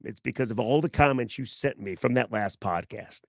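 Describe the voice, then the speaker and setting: Animated man hosting a sports podcast. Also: mid-range voice, moderate pace, vocal fry, dry recording. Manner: animated, teasing and rhetorical. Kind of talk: opinionated sports talk monologue.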